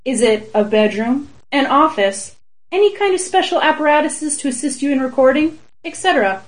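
A woman's voice: sits high, lively intonation, rough recording. A woman interviewing a guest in a casual chat, playful and teasing. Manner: playful, teasing, quick to laugh.

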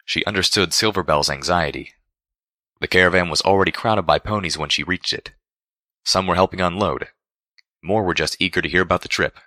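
A man narrating a fan fiction story aloud in a steady reading voice. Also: sits low, fairly quick, no echo, studio quality.

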